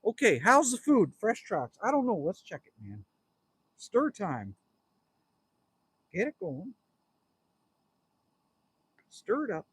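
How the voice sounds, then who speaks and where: A Canadian livestream host in his fifties speaks slowly in a high, slightly bright, breathy voice, with wildly swooping pitch, frequent pauses and no echo. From outdoors at his cabin, he casually reads viewer comments and jokes with them, rambling and speaking directly to viewers.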